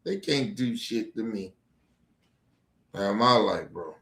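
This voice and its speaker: A man's voice: fairly low pitch, expressive, takes it slowly, fairly bright tone. A man delivering an angry, profane, threatening rant as a livestream host. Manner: profane, heated, threatening, repetitive. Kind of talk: angry ranting monologue. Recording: echoey room.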